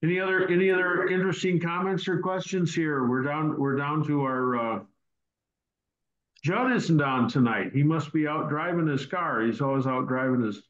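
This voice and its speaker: A man's voice: on the high side, moderate pace, fairly bright tone. A man hosting a casual question-and-answer teaching session over a video call, rambling and repeating words as he goes. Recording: roomy, dull online call audio.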